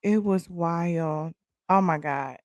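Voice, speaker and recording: Animated, profane woman from Texas. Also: lowish voice, slow pace, dry recording, muffled recording. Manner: animated, profane, laughs often. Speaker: podcast host. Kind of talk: casual chat.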